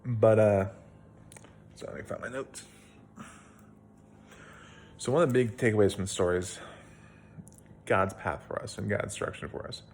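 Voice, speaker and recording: A man's voice: fairly low pitch, normal speed, long pauses, slight background noise. A young man, a video blogger, casually retelling a Bible story at home in a plain-spoken, rambling way with fillers.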